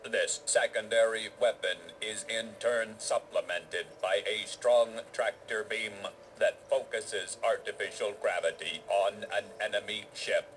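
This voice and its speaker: An actor voicing a formal, stiff-talking alien race of machine and crystal beings in a video game. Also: male voice, fairly low pitch, steady tone, fairly bright tone, a little hiss or hum, rough recording. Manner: formal, measured, stiff delivery.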